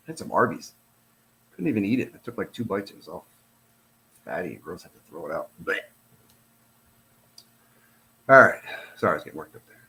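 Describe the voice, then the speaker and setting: A man's voice: lowish voice, bright, forceful tone, slight background noise. A middle-aged man, a retired police officer, gives casual commentary on a released document. He talks in an exasperated, sarcastic, rambling way.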